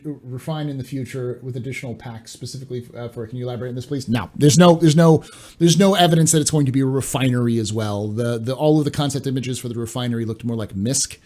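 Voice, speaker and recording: A man's voice: medium pitch, mellow. A man hosting a live stream, chatting casually and often stumbling over and repeating his words.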